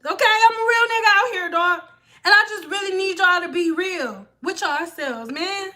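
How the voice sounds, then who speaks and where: Blunt, high-voiced woman ranting on a livestream. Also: moderate pace. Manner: blunt, profane, animated ranting. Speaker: hair stylist hosting a livestream. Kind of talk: casual livestream rant.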